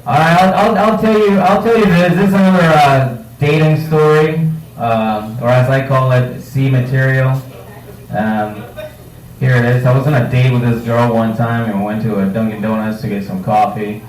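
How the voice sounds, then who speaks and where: Crude stand-up comic in a roomy bar. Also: male voice, medium pitch, fairly even intonation, moderate pace. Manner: crude, joking, acts out voices. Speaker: stand-up comedian. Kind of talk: live stand-up set. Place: comedy night in a bar. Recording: roomy bar room, mic heard from a distance, faint noise.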